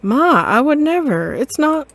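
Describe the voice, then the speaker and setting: A woman's voice: sits high, very animated, slow, no echo, pitched above the performer's own voice, full character voice. A woman doing a stammering nervous tomcat. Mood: pleading. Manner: stammering, pleading, meek. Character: nervous grown tomcat bully caught by mom. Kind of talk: game voice acting.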